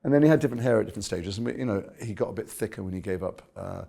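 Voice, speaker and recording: A British actor telling stories in an interview, animated and self-mocking. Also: male voice, lowish voice, very fast, creaky. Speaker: actor guest. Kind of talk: conversational interview.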